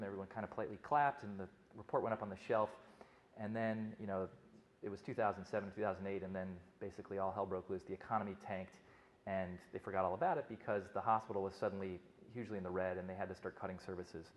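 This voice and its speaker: A man's voice: fairly low pitch, fairly even intonation, quick pace. A middle-aged male physician giving a conference talk, telling stories conversationally with frequent restarts.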